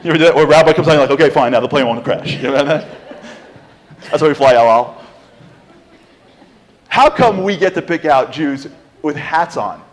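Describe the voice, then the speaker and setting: A man giving an inspirational lecture with humor, an animated storyteller who fires off rhetorical questions to the audience in a large lecture hall. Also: a little high, normal speed, long pauses. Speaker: speaker. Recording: long hall reverb.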